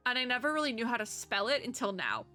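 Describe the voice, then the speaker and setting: A woman's voice: a little high, big pitch swings, quick pace, sharp tone, faint music behind. A young woman streamer chatting casually and laughing as she plays through a game and reads its lines aloud. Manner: chatty, giggly, self-deprecating asides. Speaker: VTuber streamer. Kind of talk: casual let's-play chat, reading game dialogue aloud.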